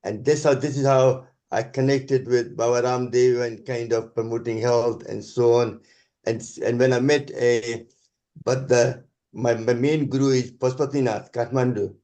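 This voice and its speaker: A man with a Scottish accent giving an earnest, halting spiritual talk over a video call. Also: medium pitch, fairly even intonation, dark tone. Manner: earnest, halting, restarts sentences. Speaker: guest speaker.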